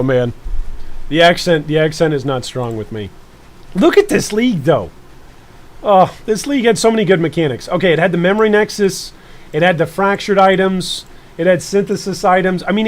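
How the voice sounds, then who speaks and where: A man in his thirties hosts a live stream with a high, bright-sounding voice. He talks in a playful, joking way, keeping up chatter with his viewers. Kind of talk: live-stream reaction chat.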